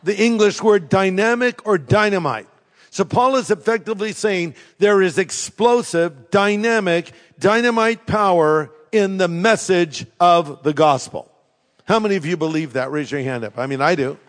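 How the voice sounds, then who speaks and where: A man's voice: sits high, moderate pace. A man preaching a sermon to a congregation, telling stories with humor and strong emphasis. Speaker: pastor. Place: church sanctuary. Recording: long echo of a large hall.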